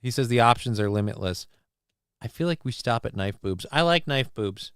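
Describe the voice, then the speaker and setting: A man's voice: medium pitch, expressive, normal speed, smooth, no echo, studio quality. A man co-hosting a casual live show, reading out chat comments and riffing on them in a jokey, rambling way. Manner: jokey, riffs loudly on viewer comments, rambling. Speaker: livestream co-host.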